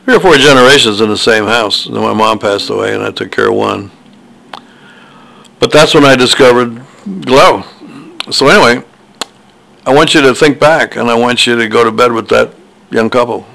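An older man with a gravelly, crackling voice at an ordinary middle pitch, rambling through personal stories. He meanders and restarts often, filling pauses with ums and uhs as he talks. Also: a bit bright. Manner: meandering, hesitant, with many fillers and restarts. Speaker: author. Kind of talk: rambling personal storytelling monologue.

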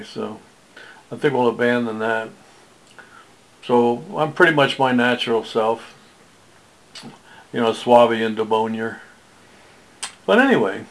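Man in his seventies, gravelly rough voice, mid pitch, rambling casual monologue, self-mocking jokes, drifting asides. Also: rough recording. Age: 70s.

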